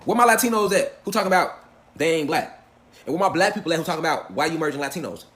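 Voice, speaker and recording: A man's voice: fairly high pitch, lively intonation, rapid-fire, fairly bright tone. A man giving a preachy, profane livestream lecture, reading aloud from the web and quizzing his listeners over and over. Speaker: online lecturer.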